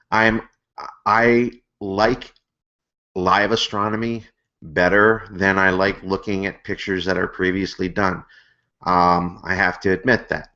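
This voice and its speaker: A man's voice: deep voice, a bit bright. A man hosting an amateur astronomy live stream, talking casually with many fillers and restarts over a muffled lo-fi stream. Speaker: host of an amateur astronomy hangout.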